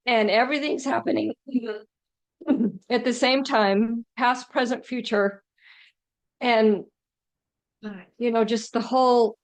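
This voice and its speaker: A woman with a fairly high voice reflects aloud to a talk group. She speaks slowly and hesitantly, in halting phrases. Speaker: group participant. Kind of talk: reflective sharing in a discussion group.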